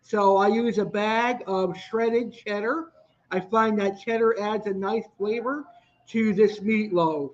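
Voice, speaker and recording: A man's voice: sits high, fairly even intonation, takes it slowly. A young man teaching a cooking class, talking through recipe steps plainly with some restarts. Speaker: cooking instructor. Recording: dull lo-fi sound.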